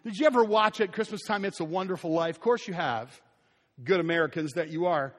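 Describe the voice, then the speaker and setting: High-pitched preacher in a reverberant hall. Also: male voice, a little fast. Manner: animated preaching, acting out scenes and dropping to a near whisper. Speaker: pastor. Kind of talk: sermon. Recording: echoey hall with long reverb.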